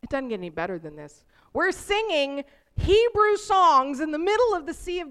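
A woman preaching from the pulpit, her voice sitting high. She tells personal stories with animated energy, rising as the feeling builds. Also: normal speed. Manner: animated storytelling, voice rising with emotion.

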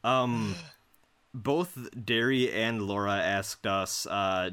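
A man's voice: lowish voice, little pitch movement, slow, fairly bright tone, clear, resonant tone. A man co-hosting a casual group podcast, who reads out listener emails and laughs often. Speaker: podcast co-host.

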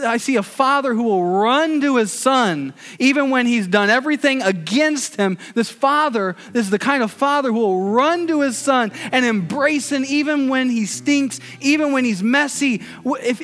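A man preaching a casual, conversational sermon, telling the story with animated fillers and asides. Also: very high voice, moderate pace.

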